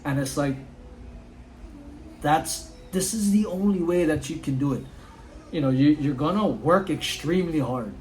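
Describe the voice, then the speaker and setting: A man's voice: on the high side, a little slow, long pauses, darkish tone, slight background noise, poor audio. A man giving an earnest, casual motivational talk outdoors at home, often saying "dude" and "like". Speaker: motivational vlogger.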